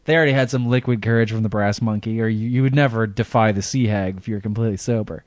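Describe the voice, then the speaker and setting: A man's voice: medium pitch, quick pace, no echo. A man co-hosting a podcast in casual chat, rambling through a story and chuckling often. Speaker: podcast co-host.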